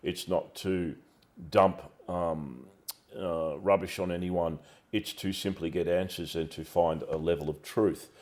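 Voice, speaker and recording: A man hosting an interview, speaking in a measured, deliberate and articulate way as he explains his aims and asks questions. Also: low-pitched, fairly even intonation, a little mellow. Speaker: interviewer, show host.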